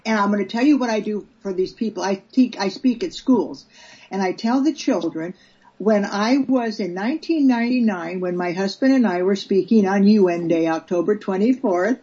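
A woman's voice: mid-range voice, normal speed, dark tone, husky, muffled recording. An older woman, a guest in a casual interview, telling stories earnestly and acting out the voices she quotes. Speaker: guest, peace activist.

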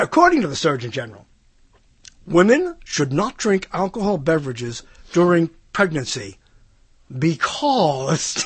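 Brief: joking male podcast host, husky tone, animated delivery, loose rambling chat. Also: sits high, no room sound. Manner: rambling, jokey, mock-announcer bits. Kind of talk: casual comedic chat.

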